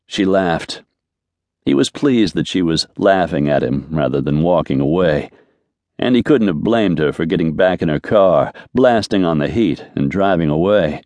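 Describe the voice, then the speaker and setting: Deep-voiced male audiobook narrator. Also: expressive, normal speed, a little mellow, dry recording, studio quality. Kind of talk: scripted narration.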